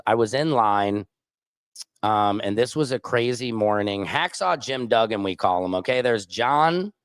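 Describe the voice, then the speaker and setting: A man's voice: medium pitch, smooth, no echo. A man hosting a casual livestream, telling rambling anecdotes full of fillers and asides. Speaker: host. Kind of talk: casual livestream chat and storytelling.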